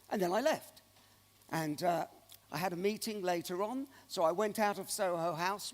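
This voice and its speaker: Man telling stories in a big echoing hall. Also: high-pitched. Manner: animated anecdotal storyteller. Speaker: keynote speaker. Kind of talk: storytelling keynote speech. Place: large conference hall. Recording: long reverb of a large hall.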